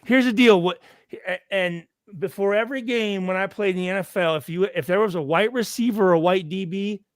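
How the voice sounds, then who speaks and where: A man, a former football player, telling profane stories in casual chat and acting out loud reenactments. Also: high voice, a little fast, no echo, studio quality.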